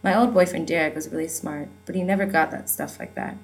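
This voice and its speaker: A woman's voice: deep voice, quick pace, vocal fry, faint music behind, low-quality recording. A woman reading a first-person novel aloud in a wry, conversational storytelling manner. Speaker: audiobook narrator.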